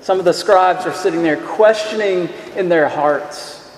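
A man's voice: sits high, a little slow. A man preaching a sermon in an earnest voice, asking rhetorical questions and repeating his words. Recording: echoey hall, faint room noise.

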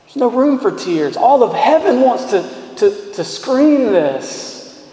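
A man preaching a sermon as pastor, talking conversationally, restarting words and moving between brisk runs and slow, emphatic lines, in a church. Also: very high-pitched, big pitch swings, mellow. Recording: echoey reverberant hall.

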